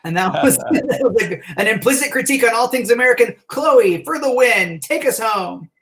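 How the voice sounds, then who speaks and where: High-pitched guy emceeing a virtual improv show, quick upbeat patter, video call mic. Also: lively intonation, a bit bright, poor audio. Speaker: co-host and director of the improv troupe. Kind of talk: hosting a live online improv show.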